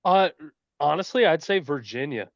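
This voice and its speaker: A man's voice: fairly high pitch, animated, normal speed, creaky, no room sound. A man on a podcast panel, answering in a hesitant way with many fillers. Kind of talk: casual podcast chat. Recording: dull, dry, slightly lo-fi sound.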